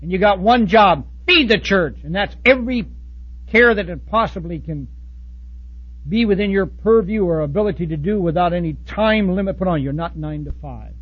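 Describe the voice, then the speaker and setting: Husky high-pitched guy preaching, blunt folksy sermon, muffled old recording. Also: expressive, moderate pace. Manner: blunt, folksy preaching with sudden loud outbursts and soft asides. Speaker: pastor.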